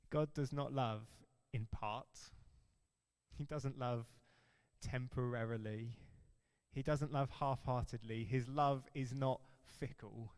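A man preaching a sermon as pastor, earnest and emphatic, stressing key phrases slowly. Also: mid-range voice, steady tone, darkish tone, clear, resonant tone, long reverb tail.

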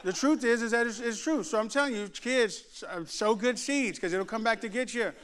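Animated bright-voiced male preacher. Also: extremely high pitch, moderate pace. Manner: animated, jokes and mimics voices. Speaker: pastor. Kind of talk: sermon with storytelling. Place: church before a laughing congregation.

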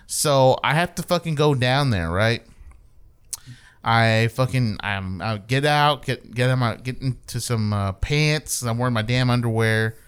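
A man's voice: medium pitch, unhurried, clean tone. A young man telling a profane story in casual chat, acting out the quoted lines. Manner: animated, swears a lot, acts out quotes.

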